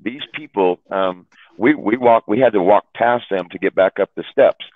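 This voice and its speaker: A chat room host tells friends on a call a rambling, profane story, repeating himself and laughing at his own tales. His voice is on the low side at normal speed, and the dry recording has a tinny phone-line sound.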